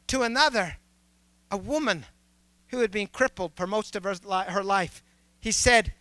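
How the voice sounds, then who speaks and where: Male preacher, middle-aged, high bright tone, unhurried storytelling, dry close sound. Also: dry recording. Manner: storytelling, drops to soft low tones then rises to preaching. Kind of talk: sermon with a personal story.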